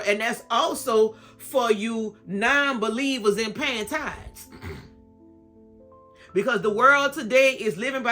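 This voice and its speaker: A woman's voice: fairly high pitch, takes it slowly, bright, forceful tone, faint music behind. A woman in her fifties with a Southern US accent, talking straight to camera about faith and repeating her phrases for emphasis. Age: 50s. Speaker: vlogger. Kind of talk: casual faith talk to camera.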